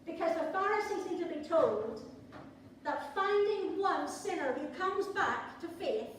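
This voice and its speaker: A woman with a high voice preaches a sermon in a church, her tone conversational and sprinkled with playful asides. She sounds picked up from a distance, with strong reverb in the room and a faint hum of ambience. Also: lively intonation, measured pace. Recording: echoey church hall from far off.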